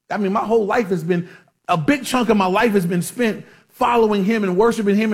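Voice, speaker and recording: A man's voice: sits high, brisk. A man pastor preaching a conversational sermon, often restarting his sentences and checking in with the congregation. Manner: conversational with many restarts and fillers; asks the congregation for amens.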